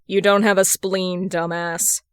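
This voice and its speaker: A woman voicing a gruff, protective young man who grumbles and deadpans. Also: fairly low pitch, little pitch movement, measured pace, dry recording, close to an everyday voice.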